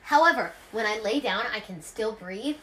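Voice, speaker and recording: A woman's voice: on the high side, moderate pace. A woman hosting a casual chat at home, rambling through stories with lots of fillers. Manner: rambling, filler-heavy, animated storytelling. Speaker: host.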